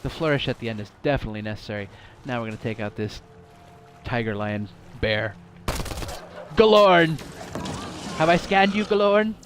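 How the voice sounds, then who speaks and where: A man's voice: mid-range voice, expressive, a little fast, slight background noise. A man casually commenting on a video game he is playing, joking playfully and laughing often. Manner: playful and jokey, laughs often, mock-dramatic asides. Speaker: game streamer. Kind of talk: casual let's-play commentary.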